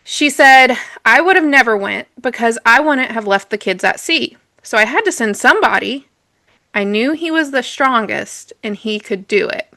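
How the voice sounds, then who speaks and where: Bright, gravelly woman telling a story. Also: a little high, expressive, normal speed, dry recording. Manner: chatty, laughs often, self-correcting. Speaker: podcast co-host. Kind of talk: casual storytelling chat.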